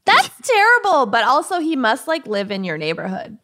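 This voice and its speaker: A woman's voice: mid-range voice, big pitch swings, a little fast, fairly bright tone. A woman, co-hosting a podcast and chatting casually, reacting with sympathetic interjections. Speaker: podcast co-host. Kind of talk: casual chat.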